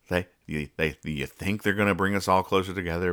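Man hosting a podcast, low pitch, bright forceful tone, dry sarcastic delivery. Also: animated, moderate pace. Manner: dry, sarcastic explaining of jokes. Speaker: podcast host. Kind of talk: casual podcast chat explaining comic strips.

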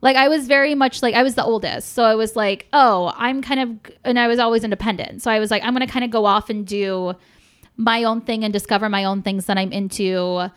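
A woman's voice: on the high side, steady tone, a little fast, clear, resonant tone. A young woman chatting casually as a podcast guest, frank and swearing freely, with lots of fillers.

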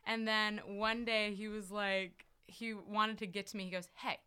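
A woman's voice: mid-range voice, level tone, a little slow, sharp tone, clean tone. A woman in casual chat, telling personal stories with lots of fillers and acted-out quotes. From farm upbringing, rural. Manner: storytelling, many fillers, acts out quotes.

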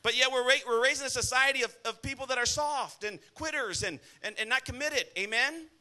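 A man's voice: very high-pitched, fairly quick, bright, forceful tone. A male pastor preaching a sermon in a church, blunt and scolding, often calling out to the congregation for an "amen.".

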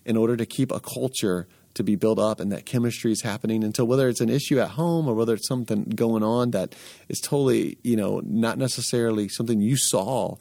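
A man's voice: on the low side, quick pace, vocal fry, mellow, no room sound, studio quality. A man hosting an interview, talking earnestly in a coaching tone and stringing his points together in lists. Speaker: podcast host. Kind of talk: conversational interview.

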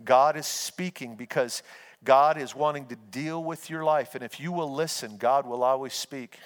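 In a medium-pitched voice at normal speed, a male pastor preaches with folksy storytelling, earnestly urging his listeners on. The recording has a long hall reverb.

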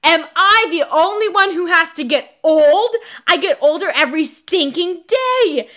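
Woman mimicking a shrill teenage girl in a tantrum. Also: lively intonation, unhurried, sharp tone, heavily acted. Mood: furious whining. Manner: shrill, exaggerated outrage.

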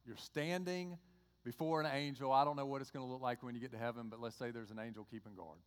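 A man's voice: medium pitch, fast talker. A man with a Georgia accent preaching a sermon in a conversational way, acting out bits of dialogue. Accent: Southern US, Georgia. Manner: conversational preaching, acts out dialogue with lively voices. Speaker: pastor. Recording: long hall reverb.

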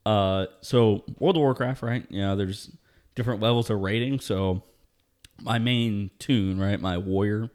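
A laid-back man with a lowish voice, telling a story over casual chat, swearing freely and often laughing at his own tale. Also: steady tone, a little slow, darkish tone.

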